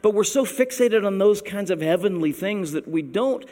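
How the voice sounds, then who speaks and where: A man preaching a sermon, wry and conversational, leaning into words with playful emphasis. His voice sits a little high for a man. The sound carries the long reverb of a large hall. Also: animated, moderate pace, dark tone. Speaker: pastor.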